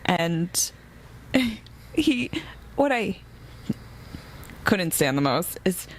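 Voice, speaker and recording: A woman's voice: on the low side, very slow, slight background noise. Chatty young woman recapping a book. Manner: animated retelling, acts out characters' lines. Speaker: podcast co-host. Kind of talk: casual book-club chat.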